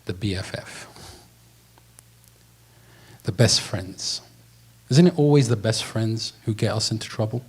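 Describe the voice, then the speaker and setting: A man giving a sermon, telling a story and talking in a relaxed, slangy way. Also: lowish voice, a little slow, long pauses, husky. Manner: lively storyteller, slips into slangy voices for quoted characters. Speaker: preacher.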